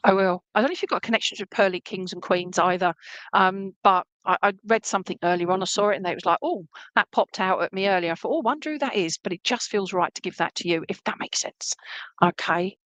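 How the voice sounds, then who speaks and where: A woman's voice: lowish voice, steady tone, fast talker, a bit bright, no echo, rough recording. Woman, medium, online reading, chatty and reassuring, dry close sound. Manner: chatty, reassuring, keeps checking in with "okay?". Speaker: spiritualist medium.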